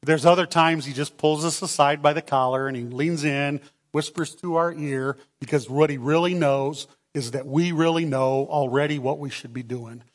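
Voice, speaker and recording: A man preaching a sermon to his church, animated and calling out for amens. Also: on the high side, normal speed. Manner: animated, calls for amens, acts out voices. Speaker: pastor. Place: church sanctuary. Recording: long hall reverb.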